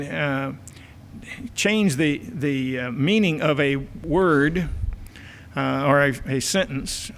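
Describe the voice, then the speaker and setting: An older man, a church elder and marriage counselor, gives a folksy talk on family life in a church auditorium, packed with filler uhs and repeated words. His voice is fairly high and a bit bright, with a little hiss or hum and the reverb of a church hall.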